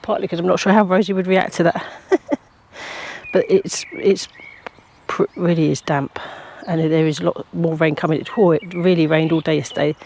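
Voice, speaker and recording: A woman's voice: on the low side, fairly even intonation, normal speed, slight background noise. Chatty woman gardening vlogger. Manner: chatty, talks to her dog, soft whispers at times. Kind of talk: casual vlog chat. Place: outdoor allotment and a quiet home.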